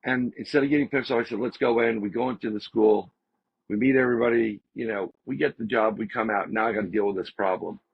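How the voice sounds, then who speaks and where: Gravelly, husky man telling a story. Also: on the low side, quick pace, no room sound. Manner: animated, repeats phrases for emphasis. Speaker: podcast guest. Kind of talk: casual storytelling. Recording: slightly dull lo-fi audio.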